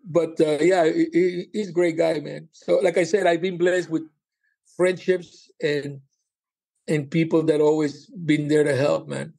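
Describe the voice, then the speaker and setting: Male comedian guest, higher voice, animated raconteur, frequent laughter. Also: unhurried, creaky. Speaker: comedian and former cruise director. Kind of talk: casual interview storytelling.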